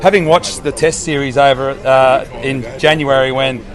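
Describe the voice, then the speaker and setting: A man answering questions on the street in a relaxed, rambling way. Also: mid-range voice, moderate pace. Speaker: passer-by interviewee. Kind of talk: casual chat. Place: street outdoors.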